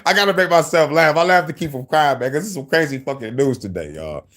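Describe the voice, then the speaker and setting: A man's voice: on the high side, lively intonation, quick pace, a bit bright, slight background noise. Profane, heated man ranting on stream. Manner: profane, heated, laughs often. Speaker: livestream news commentator. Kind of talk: casual news-commentary rant.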